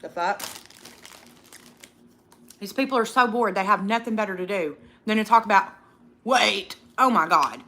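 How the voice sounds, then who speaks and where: A young woman hosts an eating livestream in casual chat. She is outspoken and profane, ranting at people who bullied a fellow creator. Her voice is bright and sharp, at a middle pitch. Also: moderate pace, pauses often. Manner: reads viewer comments aloud. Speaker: livestream host.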